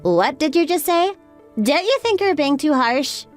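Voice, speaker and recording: Woman voicing a pleading young wife, anxious, high and lively voice, faint music. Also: a little slow. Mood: hurt.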